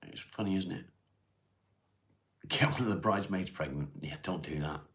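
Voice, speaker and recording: In this casual stream chat, an English host from Cheshire smokes at home while working through viewer comments, reading each question out and answering simply. He sounds deep and gravelly, rough and low, never in a hurry.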